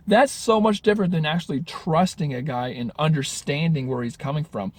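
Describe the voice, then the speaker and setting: A man's voice: a little high, fairly quick, hardly any pauses, no room sound. Earnest rambling dating coach, man. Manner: rambling, earnest, frequent self-corrections. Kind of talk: casual advice vlog.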